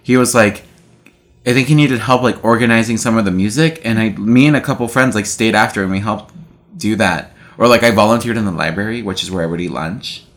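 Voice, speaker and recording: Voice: mid-range voice, a little fast. A podcast co-host chatting casually about a movie, drifting into jokey personal stories full of "like" fillers. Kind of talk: casual movie recap chat.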